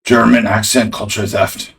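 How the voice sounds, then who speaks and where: Male chess streamer, very low voice, loose rambling live commentary to chat. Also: level tone, measured pace, creaky, a bit bright. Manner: casual, rambling, talks to chat.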